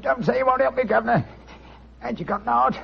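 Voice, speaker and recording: An actor playing a detective disguised as a ragged cockney addict, pleading in a thin, quavering voice, in old-time radio acting. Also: male voice, very high voice, fast talker, creaky, slight background noise, heavily acted. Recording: dull old radio recording.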